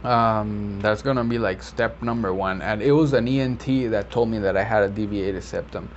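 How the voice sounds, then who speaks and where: A man who works as a medical interpreter, explaining vocabulary in a relaxed, rambling way with many fillers and self-corrections. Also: on the low side, normal speed. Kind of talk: casual explainer video. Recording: slightly dull lo-fi audio with faint background noise.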